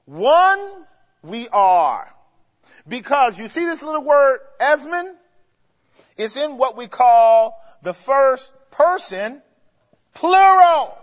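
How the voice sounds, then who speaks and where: Male preacher with a very high voice, leads the crowd with call-and-answer questions, recorded dull and lo-fi in a hall with long echo. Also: expressive, takes it slowly. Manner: asks the congregation questions and has them answer; explains grammar step by step, with emphatic rises. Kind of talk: sermon teaching.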